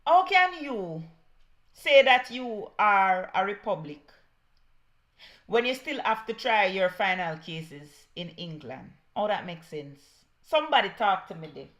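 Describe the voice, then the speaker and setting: A woman's voice: mid-range voice, very animated, measured pace, a bit bright. A woman with a Jamaican accent giving heated political commentary, scornful and mixing patois with English.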